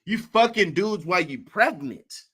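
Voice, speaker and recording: Male host, bright voice, lively, profane reaction commentary. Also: high voice, a little slow, slightly rough. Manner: crude, profane and animated.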